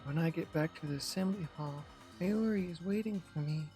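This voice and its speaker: A male streamer reading a visual novel aloud in the first person, with tense, halting delivery. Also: a little high, warm tone, soft background music.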